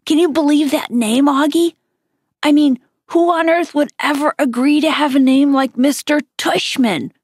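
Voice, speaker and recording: A woman reading the part of a playful, joking father who teases excitedly. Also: high-pitched, moderate pace, dry recording, clean studio sound, voice pushed up. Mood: teasing. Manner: excited, teasing.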